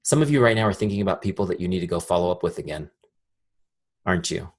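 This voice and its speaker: A man giving a live sales training talk in a direct, energetic way, often asking the audience questions. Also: low voice, fast talker.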